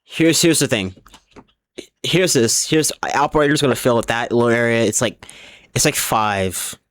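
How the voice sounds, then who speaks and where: A man's voice: medium pitch, normal speed, fairly bright tone. A man streaming a game live, rambling along as he plays, often restarting his sentences and swearing, and a little drunk. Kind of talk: casual live gaming commentary.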